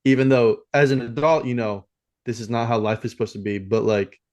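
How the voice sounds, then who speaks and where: A man's voice: mid-range voice, steady tone, fairly quick, a little mellow. A man co-hosting a film podcast, talking casually and rambling with many fillers and restarts. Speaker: podcast co-host.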